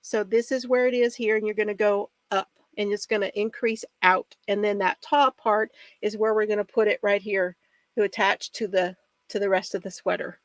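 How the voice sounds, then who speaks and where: A woman hosting a casual crafting video, bubbly and excitable, laughing often as she talks. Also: medium pitch, normal speed, no echo. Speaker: knitting video host.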